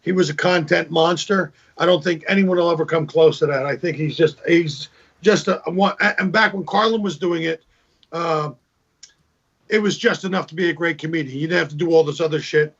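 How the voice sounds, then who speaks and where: A man's voice: fairly high pitch, fairly even intonation, a little fast, gravelly, fairly bright tone, slightly rough. A male comedian talking casually on a video call as a guest, telling a long joke with repeated words. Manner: storytelling, acts out joke voices, repeats words. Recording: dull lo-fi video call audio.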